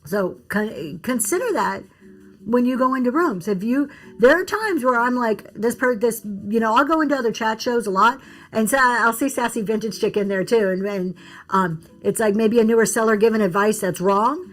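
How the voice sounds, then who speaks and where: A woman's voice: fairly high pitch, moderate pace. A woman giving casual business advice on a livestream, reading and answering comments from chat. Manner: chatty, reads and answers comments, restarts often.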